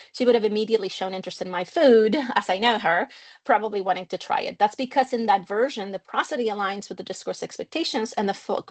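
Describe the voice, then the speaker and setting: A middle-aged woman from Mexico, a non-native English speaker, giving an academic linguistics lecture over a video call and explaining with personal anecdotes. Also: mid-range voice. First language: Spanish. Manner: clear, engaging explainer who tells personal anecdotes. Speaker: linguistics researcher giving a seminar talk.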